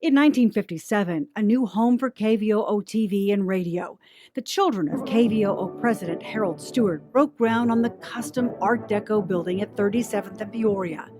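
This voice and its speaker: A woman news anchor giving measured, polished documentary narration. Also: medium pitch, over music.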